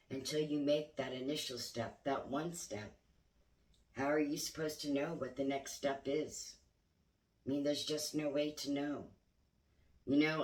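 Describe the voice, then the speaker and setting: In her reflective spiritual vlog, a grandmother talks with low-voiced candor and earnestness, letting the odd swear word slip. The recording sounds roomy, with the mic set at a distance from her.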